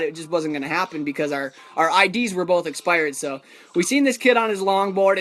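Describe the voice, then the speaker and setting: A man's voice: sits high, bright, forceful tone. A man casually telling a story about his own travels, rambling with lots of fillers and chuckles.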